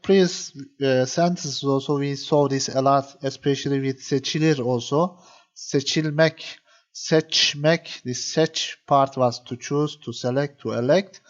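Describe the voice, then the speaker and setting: A man's voice: fairly high pitch, dull audio. Patient male grammar teacher. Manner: patient, repeats points, many fillers. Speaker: Turkish language teacher. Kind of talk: explaining grammar to viewers.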